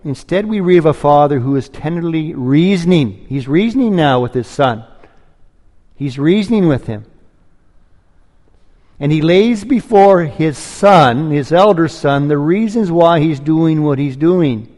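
A man's voice: fairly high pitch, expressive, unhurried, a little mellow, big-room sound. A man preaching a sermon, earnest and pleading, rising to emphatic peaks.

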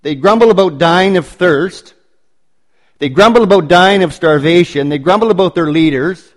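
A man preaching a sermon, building points through emphatic repetition and slowing down on stressed phrases. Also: sits high.

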